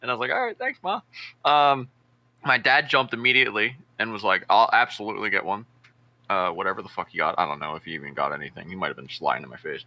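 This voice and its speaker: A man's voice: low-pitched, fast talker. A man co-hosting a casual streamed podcast, telling stories animatedly and acting out what people said, with lots of swearing. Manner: animated storyteller, acts out quotes, lots of swearing. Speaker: podcast co-host. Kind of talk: casual chat.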